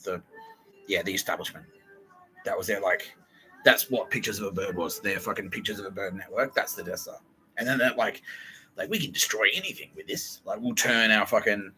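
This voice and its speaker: A man's voice: fairly low pitch, sharp tone, rough recording. A man hosting a podcast in a profane, rambling monologue, laughing and acting out quotes. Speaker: podcast host.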